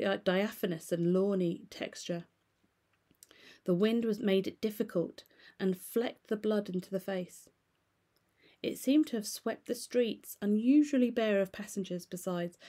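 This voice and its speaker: Mellow-voiced woman reading to a class. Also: lowish voice. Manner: steady, measured reading with small stumbles. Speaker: teacher. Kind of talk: reading a novel aloud to a class.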